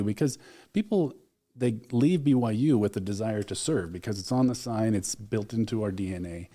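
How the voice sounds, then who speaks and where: A man with a mid-range, dark voice and moderate pace is a guest in a radio interview, speaking as an alumni relations director. He earnestly retells events, quoting dialogue along the way.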